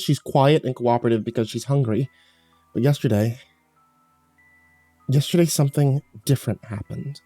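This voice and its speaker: A man narrating a horror story in a measured, grave way. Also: medium pitch, dark tone, dry recording. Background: faint music.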